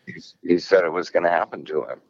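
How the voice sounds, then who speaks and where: A man's voice: low-pitched, fast talker, creaky, dry recording, highs cut off. A man casually chatting as a podcast co-host, telling stories hesitantly with lots of fillers. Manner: hesitant, filler-heavy storytelling. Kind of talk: casual chat.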